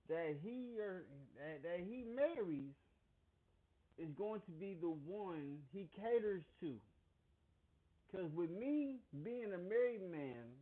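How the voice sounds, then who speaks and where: A married man speaking slowly and earnestly in a casual monologue, sounding a little preachy. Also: high-pitched. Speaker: married man giving his view. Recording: phone-like, lo-fi audio.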